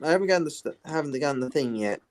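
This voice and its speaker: A kind young opera singer chats in a sing-song Italian lilt, voiced by a woman. Her voice sits low but swings around a lot. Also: expressive, racing. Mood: chatty.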